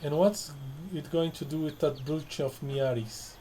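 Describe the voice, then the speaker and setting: A man's voice: fairly high pitch, steady tone, measured pace, warm tone, slight background noise. A man casually playing through a narrative game, reading dialogue choices aloud, repeating lines and adding wry asides. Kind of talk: casual let's-play commentary. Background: game music.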